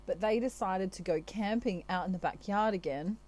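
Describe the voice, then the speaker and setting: A woman's voice: mid-range voice, normal speed, darkish tone. A woman from Australia, a tarot reader chatting casually to her viewers with a playful, giggly manner. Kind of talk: casual chat to camera.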